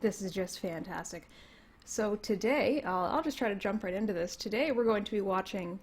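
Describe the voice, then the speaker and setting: A young woman with a Canadian accent, a little hoarse from losing her voice, rambling through a casual livestream from home, laughing often. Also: medium pitch, normal speed. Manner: rambling, laughs often, reads chat comments aloud. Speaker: livestream host. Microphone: computer mic.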